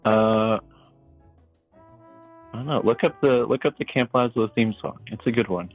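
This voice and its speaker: A man's voice: medium pitch, moderate pace, faint music behind. A man calling in to an advice show, chatting in an easygoing way over muffled call audio. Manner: easygoing, laughs along. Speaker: caller. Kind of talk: casual phone call chat.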